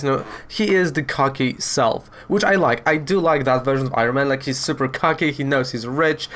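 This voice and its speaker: A man's voice: mid-range voice, brisk, few pauses, fairly bright tone. A man casually reviewing a comic book, chatty and rambling as he retells the story.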